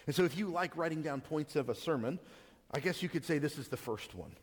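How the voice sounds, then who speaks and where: A man's voice: on the high side, animated, fairly quick, slightly rough, long reverb tail. A man giving a sermon as a pastor, talking in a conversational way with frequent stammered restarts.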